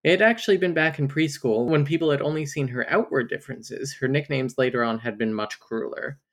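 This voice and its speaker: A woman's voice: very deep voice, fairly quick. A woman co-hosting a podcast, recapping a romance novel in a wry, candid way and laughing often. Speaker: podcast co-host. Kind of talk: casual book discussion chat.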